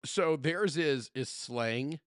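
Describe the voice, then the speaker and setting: A man's voice: a little high, slow, smooth, dry recording, clean studio sound. A middle-aged man with a Southern American accent, co-hosting a podcast in casual chat, telling stories with lots of laughs and restarts. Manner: animated, laughing storyteller with many restarts. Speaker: podcast co-host.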